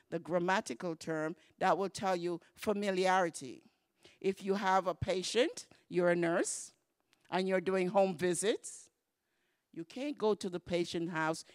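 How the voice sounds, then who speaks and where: Patient church Spanish teacher who spells words out and repeats phrases, livens up in examples. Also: mid-range voice. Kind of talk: church class lesson. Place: church classroom.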